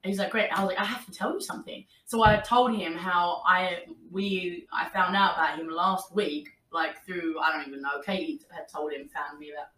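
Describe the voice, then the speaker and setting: A young woman telling a story in casual chat, animated, acting out what people said and laughing often. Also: lowish voice, moderate pace, few pauses, recorded from a distance. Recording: roomy, a little off-mic.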